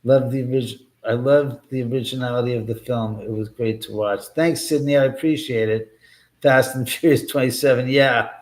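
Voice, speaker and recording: A man's voice: medium pitch, fairly even intonation, moderate pace. A man hosting a casual livestream from his home, rambling and sarcastic, swearing freely and answering viewer comments as they come in. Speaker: livestream host.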